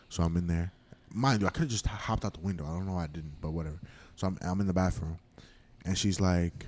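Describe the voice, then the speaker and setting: A man casually telling a long, animated story to friends on a podcast, swearing often and acting out the quotes. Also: deep voice, quick pace, husky. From Florida. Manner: animated, slangy, swears a lot, acts out quotes. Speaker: podcast host.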